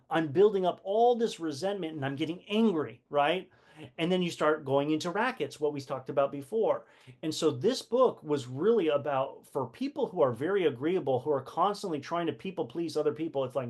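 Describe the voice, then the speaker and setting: A man hosting a casual live-stream book talk, full of rhetorical questions, fillers and restarts. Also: a little high. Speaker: host of a community book session.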